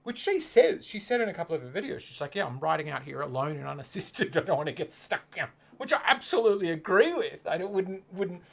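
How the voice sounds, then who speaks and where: A young man co-hosting a casual livestream, animated, often mimicking other people's comments in mocking voices. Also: on the high side, fast, gravelly, hardly any pauses. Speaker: co-host of motorcycle channel.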